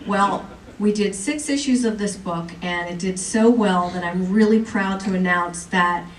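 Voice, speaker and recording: A woman's voice: medium pitch, a little slow. Woman joking through a comic con panel. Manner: lively, joking, chatty with the audience. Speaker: comics editor presenting on a panel. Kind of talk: convention panel presentation. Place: large convention hall. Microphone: recorded from the audience by a far camera. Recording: echoey hall from far off, faint noise.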